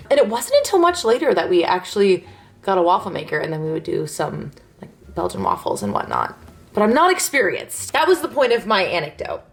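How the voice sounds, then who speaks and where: A woman's voice: mid-range voice, wildly swooping pitch, fairly quick, creaky. A young woman in her twenties chatting through a cooking vlog in her home kitchen, bubbly and self-deprecating. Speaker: lifestyle vlogger. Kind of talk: casual cooking vlog chat.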